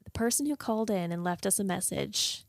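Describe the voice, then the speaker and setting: A woman's voice: medium pitch, animated, a little fast, gravelly, no room sound, clean studio sound. A woman co-hosting a podcast, playful and mock-bossy. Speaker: podcast co-host. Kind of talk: casual chat.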